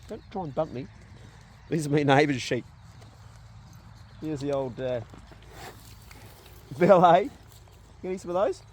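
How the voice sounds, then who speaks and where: A man homesteading outdoors on his farm, chatting casually as he gardens and talks to his sheep and dogs. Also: medium pitch. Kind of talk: casual outdoor vlog commentary. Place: outdoors on a rural farm paddock. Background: sheep and dogs nearby.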